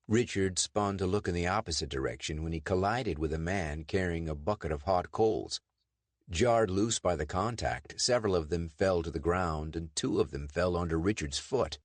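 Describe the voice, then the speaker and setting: A man narrating a pulp adventure audiobook in lively storytelling. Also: sits low, moderate pace, no echo. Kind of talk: scripted narration.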